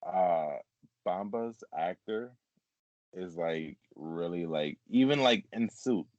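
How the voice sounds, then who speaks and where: A man's voice: deep voice, lively intonation, takes it slowly, darkish tone, no room sound, highs cut off. A man co-hosting a casual fan podcast, talking in a laid-back, rambling way full of "like"s. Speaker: podcast co-host. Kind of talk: casual chat.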